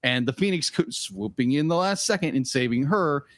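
A man's voice: mid-range voice, expressive, normal speed, a bit bright. A man co-hosting a podcast in casual chat, easygoing, often repeating himself. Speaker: podcast co-host.

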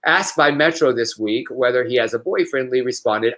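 A man's voice: mid-range voice, moderate pace, hardly any pauses, a bit bright. A man co-hosting a casual news podcast, reading stories aloud and joking. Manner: reads news aloud with playful mock accent, laughs often. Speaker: podcast co-host.

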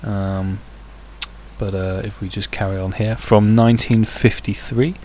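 A man's voice: lowish voice, little pitch movement, unhurried, a little mellow, slight background noise. A man hosting a podcast on his own, rambling casually with many hesitations and crude, jokey asides. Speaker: podcast host. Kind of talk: casual solo podcast chat.

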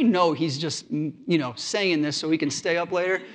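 A man's voice: a little high, normal speed, few pauses. A male pastor giving a sermon, telling stories from his family life in an earnest, conversational way.

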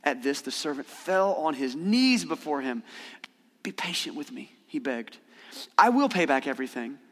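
A man preaching a conversational sermon, animated when he acts out quoted voices. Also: a little high, normal speed. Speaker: pastor. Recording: long hall reverb.

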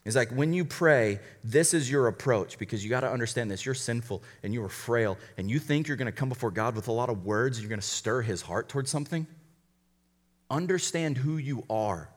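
A man who is a college pastor, preaching a conversational sermon with quick asides and light humor. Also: medium pitch, expressive, in a large hall.

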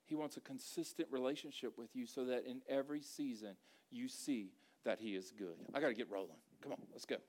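A man's voice: mid-range voice, a little fast, darkish tone. A man preaching a sermon to a congregation in a church, with a conversational style and emphatic repeated phrases. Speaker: pastor.

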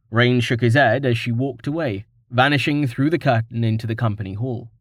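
A man narrating a fantasy novel in a measured, expressive reading. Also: mid-range voice, no echo, clean studio sound. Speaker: audiobook narrator.

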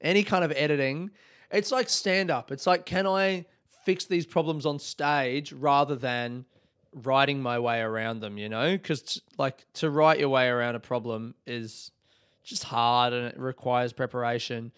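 Casual male podcast host, average pitch, loose unscripted monologue with swearing and yawns. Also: steady tone, a little slow, a bit bright, clear, resonant tone. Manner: rambling, loose, swears freely; yawns often mid-talk.

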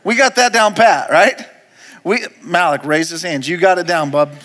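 A male pastor preaching a sermon. He speaks straight to the congregation, moving from hushed, slow lines to loud, repeated commands. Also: sits high. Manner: speaks to the congregation directly, asking questions and calling out to them.

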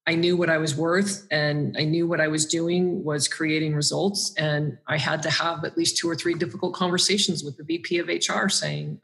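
A woman's voice: sits low, steady tone, normal speed, gravelly, few pauses, a bit bright. A woman guest on an interview podcast, talking earnestly and reflectively about her own experiences.

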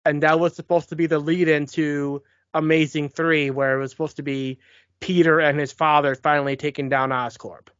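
A man's voice: a little high, little pitch movement, moderate pace, a bit bright, clear, resonant tone, no echo. A man chatting casually on a podcast in a matter-of-fact way, with occasional fillers. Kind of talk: casual chat. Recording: dull, lo-fi dry recording.

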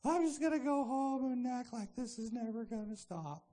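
A helpless middle-aged wife moans about her lot in a high, whiny voice, as a man acts her out. She sounds plaintive and wounded. Her complaints swoop up and down. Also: expressive, normal speed, dark tone. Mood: indignant.

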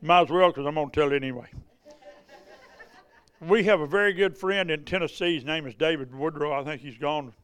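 Fairly quick and on the high side, his voice sounds clean with a fairly bright tone. This revival preacher tells healing testimonies from the pulpit in a folksy, conversational sermon, frequently repeating and restarting.

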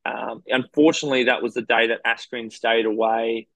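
A man's voice: mid-range voice, steady tone, moderate pace, creaky, a bit bright, no echo, rough recording. An Australian man, a professional cyclist, frankly recounting race stories in a rambling, casual interview. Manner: rambling, frank anecdotes with quoted dialogue.

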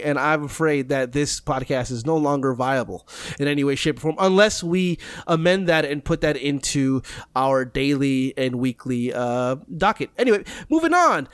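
A man's voice: mid-range voice, no room sound. A young man co-hosting a video game podcast, joking and rambling in casual chat about games and family life. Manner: joking, rambling, self-mocking. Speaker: podcast co-host.

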